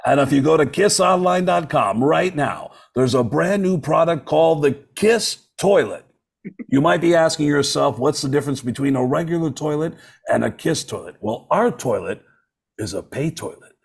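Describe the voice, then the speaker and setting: A man doing a comic impression of a smug middle-aged rock star who talks slowly and deadpans a sales pitch. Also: animated, creaky, slightly rough, full character voice.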